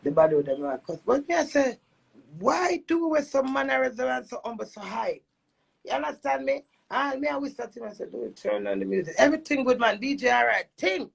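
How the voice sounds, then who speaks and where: A Jamaican woman with a gravelly, husky voice, airing a heated complaint about her marriage in an emphatic, repetitive monologue that mixes patois and English. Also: fairly high pitch, animated, fairly quick. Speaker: dancehall personality airing a marital dispute.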